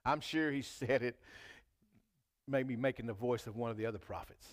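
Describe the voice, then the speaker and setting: A man's voice: medium pitch, normal speed. A man preaches to a church congregation in a loose, conversational way. His voice sits in a middle range, and it lifts with emphasis whenever he reads scripture aloud. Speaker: pastor. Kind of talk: sermon.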